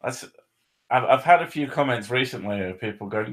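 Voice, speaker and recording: A man's voice: medium pitch, lively intonation, moderate pace. A man hosting a casual livestream, joking and laughing often, swearing freely, and reading questions from chat. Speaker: host.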